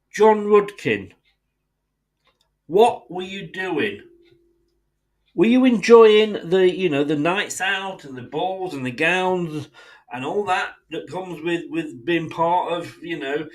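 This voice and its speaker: An English man hosting a football fan channel, ranting bluntly and swearing freely, and acting out imagined conversations in quick asides. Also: high voice. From England. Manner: mimics others in asides. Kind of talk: impassioned fan rant.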